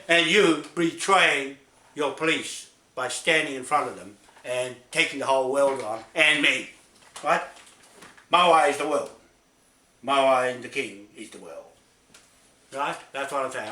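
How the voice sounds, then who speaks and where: A man's voice: on the high side, pushed and bright, roomy sound. A man delivering an angry, confrontational public statement, swearing and repeatedly asking "right?". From New Zealand. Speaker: land claimant making a public statement.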